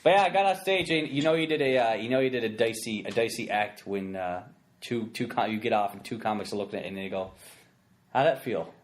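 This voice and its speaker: A man's voice: on the low side, fast. A young man hosting a podcast, rambling and self-mocking as he retells his stand-up bits. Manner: rambling, self-mocking, sings ringtone sounds and does bits. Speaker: podcast host and comedian. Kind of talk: casual chat.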